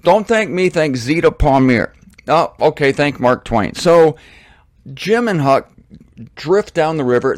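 A middle-aged man tells a meandering story in a casual monologue, often correcting himself mid-thought. His voice sits a little high for a man. The sound is dry and close, with no room around it. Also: no room sound. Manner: rambling, self-correcting, animated asides. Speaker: host.

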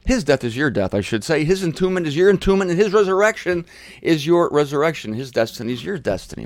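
A man hosting a Bible teaching show, preaching forcefully and repeating phrases for emphasis in a blunt, provocative way. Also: fairly high pitch, dry recording, clean studio sound.

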